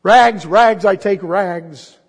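A man voicing a strong young rag man who calls out loudly and speaks gently. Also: mid-range voice, big pitch swings, a little fast, slightly rough, big-room sound, exaggerated voice. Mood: calling out. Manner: loud ringing street call.

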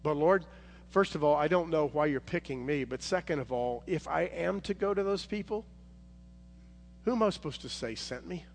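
A man's voice: fairly high pitch, animated, moderate pace, creaky. A male preacher voicing Moses as a reluctant, anxious shepherd who protests in a rising, pleading voice. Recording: hall reverb, faint noise.

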